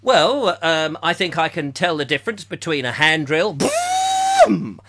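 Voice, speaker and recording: A man's voice: fairly high pitch, animated, normal speed, sharp tone, faint music behind. A middle-aged man from England hosting a comic live chat show, rambling and joking while reading out viewers' comments. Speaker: host.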